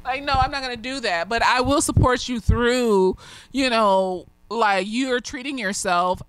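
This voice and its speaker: A slightly tipsy woman reviewing a show in a loose, casual talk, swearing freely and lurching from ranting to gushing. Her voice sits a bit high for a woman, and it is recorded close and dry with no room sound. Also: unhurried, clear, resonant tone, dry recording. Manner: blunt, heavily profane, swinging between ranting and gushing. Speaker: therapist reviewing a TV episode.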